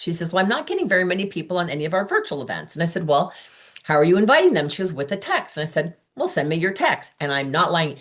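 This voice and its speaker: A woman leading a sales training, talking with enthusiasm and acting out the texts and replies she quotes. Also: sits low. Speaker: sales director giving training. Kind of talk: training talk.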